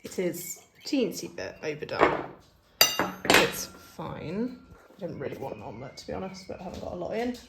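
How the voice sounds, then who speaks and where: A woman's voice: on the low side, sing-song, moderate pace, vocal fry, over loud music. A young woman vlogging at home, chatting casually in a rambling, self-deprecating way. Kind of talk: casual vlog chat. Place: home, indoors.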